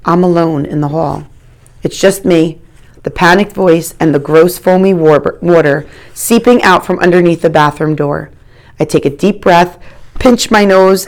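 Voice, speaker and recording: A woman narrates a first-person story as an audiobook. Her voice sits a little low, and she reads with wry, expressive timing.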